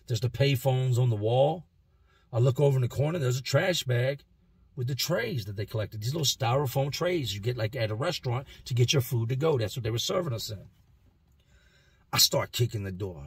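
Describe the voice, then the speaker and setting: A man casually telling a first-person story, animated and emphatic, with street slang. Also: mid-range voice, breathy edge, dry recording. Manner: animated, acts out the voices in his stories. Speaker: vlogger telling prison stories.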